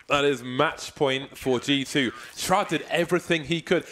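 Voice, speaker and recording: A man doing playful, joking esports color commentary that builds to excited calls. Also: fairly high pitch, moderate pace, hardly any pauses.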